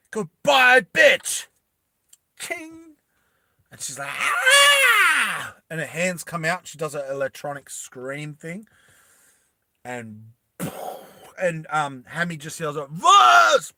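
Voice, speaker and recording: A young man retells a movie scene by scene in a loose, animated way, laughing often and acting it out. His voice is bright and forward, and he takes his time. The sound is close and dry. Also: on the high side, a little slow, pauses often, no echo. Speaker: storytelling vlogger. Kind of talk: casual movie recap storytelling.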